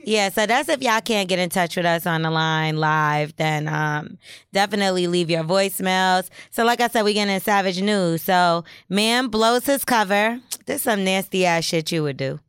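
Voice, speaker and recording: A woman's voice: lowish voice, normal speed, a bit bright, smooth, no echo, studio quality. A woman co-hosting a casual podcast, blunt and profane, teasing her co-host as she reads out odd news stories.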